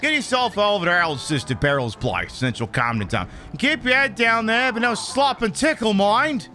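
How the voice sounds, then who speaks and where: A man voicing a rowdy, cheeky mock-British bloke, shouting and swearing in an exaggerated put-on accent while playing a game. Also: very high voice, sing-song, measured pace, faint music behind, voice pushed up, full character voice. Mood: boisterous.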